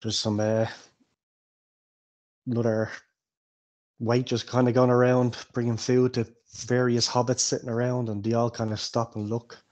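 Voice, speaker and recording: A man running a tabletop game as game master, narrating in a relaxed, rambling way. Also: medium pitch. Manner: relaxed, rambling with fillers like "kinda".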